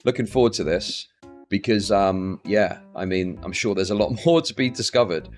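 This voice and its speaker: A man's voice: deep voice, lively intonation, normal speed, soft background music. A man ranting on a live stream, scornful and heated, swearing often.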